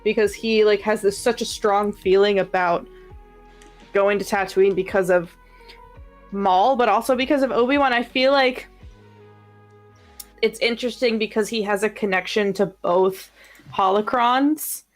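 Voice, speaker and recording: A woman's voice: medium pitch, measured pace, pauses often, faint music behind. Enthusiastic woman chatting casually. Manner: enthusiastic, lots of fillers. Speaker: podcast co-host. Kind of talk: casual fan discussion.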